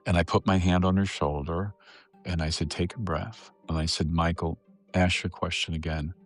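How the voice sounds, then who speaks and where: A middle-aged man with a low voice recounts a story in an earnest, emotional way. He is a psychotherapist talking as a podcast guest, and faint music plays softly behind him. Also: steady tone, moderate pace.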